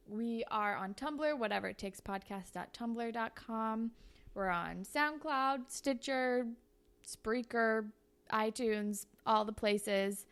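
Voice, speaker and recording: A woman hosting a podcast, telling a story in a chatty, casual way full of "like" fillers. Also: medium pitch. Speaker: podcast host.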